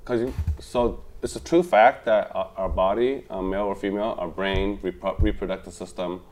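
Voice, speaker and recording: A man's voice: low-pitched, fairly even intonation, moderate pace, darkish tone. A man in casual chat, sharing opinions in a musing way with slightly broken grammar.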